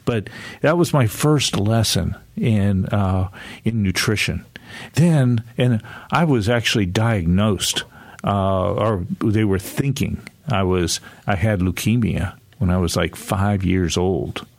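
An older man in his sixties speaks in a low, gravelly voice, recorded close and dry with no room sound. As an author, he tells stories in a loose, conversational way, chuckling often and restarting his sentences as he goes. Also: slow pace, dry recording. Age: 60s. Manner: rambling, chuckling, many restarts. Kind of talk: casual conversational storytelling.

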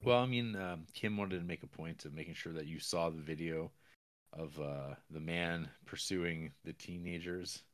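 Deep-voiced laid-back man. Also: normal speed. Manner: laid-back, short replies, stammering restarts. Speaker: podcast co-host. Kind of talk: casual chat.

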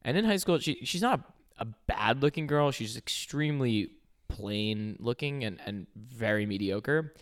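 A man's voice: medium pitch, expressive, unhurried. A young man co-hosting a podcast in casual chat, rambling with fillers and restarts. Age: young adult. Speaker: podcast co-host.

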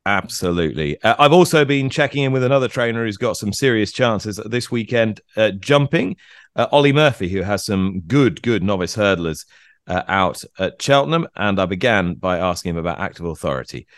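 A man hosting a racing podcast who interviews guests in a brisk, jokey and enthusiastic way. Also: fairly low pitch, lively intonation, no room sound, clean studio sound. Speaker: podcast host. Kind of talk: interviewing and presenting.

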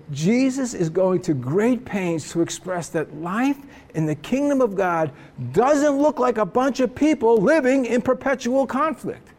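A man preaching a sermon as pastor, earnest and emphatic, slowing down for dramatic pauses. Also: sits high, darkish tone.

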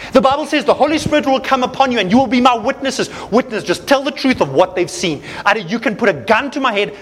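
A man preaching a sermon, reading scripture aloud and commenting with animated emphasis. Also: very high voice.

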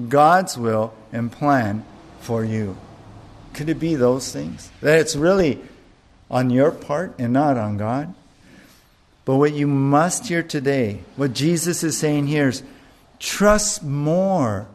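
A male pastor preaching a sermon, earnest and deliberate, with emphatic rises on key words. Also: on the high side.

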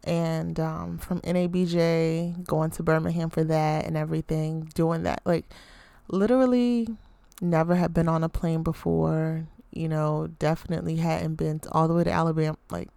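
A woman's voice: sits low, little pitch movement, moderate pace, vocal fry, mellow, clear, resonant tone, no room sound. A woman in her twenties hosting a podcast, talking candidly in a casual personal reflection, rambling with lots of fillers. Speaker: podcast host.

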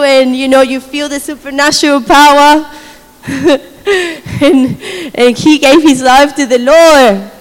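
A high-voiced woman speaks slowly while sharing her testimony as a sermon, the large hall leaving a long reverb. She tells her story animatedly, laughing often and acting out quotes.

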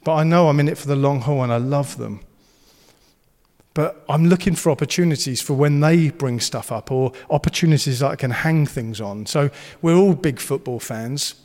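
A man's voice: fairly high pitch, moderate pace, a little mellow, long reverb tail. A man preaching a sermon, earnest and encouraging, and he slips into playful banter. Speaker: pastor.

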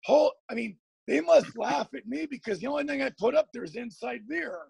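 A middle-aged football coach from Oregon with a high, gravelly voice and a husky edge, earnest and rambling, stumbling over repeated words. He sounds dry and close to the mic. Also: animated, fairly quick, darkish tone, dry recording. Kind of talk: guest storytelling on a podcast.

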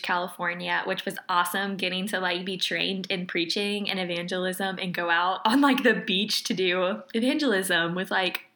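Bright-voiced young woman sharing her faith story. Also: mid-range voice. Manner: earnest, emotional, laughs often, uses "like" a lot. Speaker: guest. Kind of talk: casual faith testimony chat.

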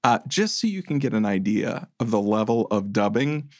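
A man's voice: on the low side, very animated, moderate pace, dry recording. A man co-hosting a casual movie review podcast, dry, incredulous and sarcastic. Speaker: podcast co-host.

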